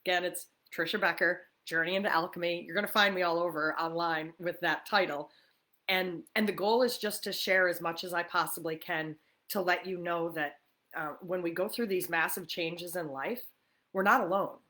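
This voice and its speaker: A woman's voice: lowish voice, steady tone, moderate pace, pushed and bright. A woman from New York hosting a casual livestream chat, chatty and greeting viewers by name. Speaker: livestream host.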